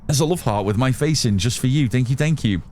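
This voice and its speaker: A man's voice: mid-range voice, expressive, fast talker, darkish tone, slight background noise. A British man chatting casually with viewers while playing a game on a live stream. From United Kingdom. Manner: chatty, reads out and answers chat while playing. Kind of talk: casual live gameplay commentary.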